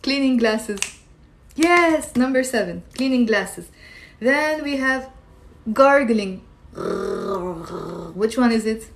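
A woman with a fairly high voice teaches a live-streamed language lesson. She keeps quizzing her viewers and answering their comments in a chatty way. Faint noise sits behind her voice. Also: animated, takes it slowly, long pauses. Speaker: Arabic teacher.

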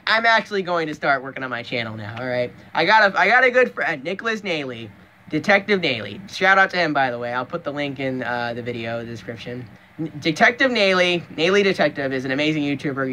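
Profane, animated young man ranting. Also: a little high. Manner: profane and emphatic, with frequent restarts. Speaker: vlogger. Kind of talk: casual vlog rant.

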